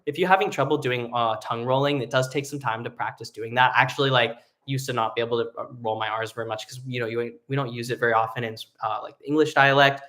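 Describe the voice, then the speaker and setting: A man's voice: medium pitch, steady tone, fast, hardly any pauses, fairly bright tone. A young adult man teaching a live online singing lesson, explaining casually with lots of fillers and sung vocal demonstrations.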